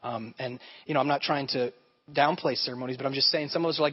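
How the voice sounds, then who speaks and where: A man's voice: medium pitch, fairly even intonation, quick pace, breathy edge. A male pastor preaching a sermon in a conversational way, often checking in with his listeners. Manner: conversational, repeatedly checks in with "okay?". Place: church sanctuary. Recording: dull sound with long hall reverb.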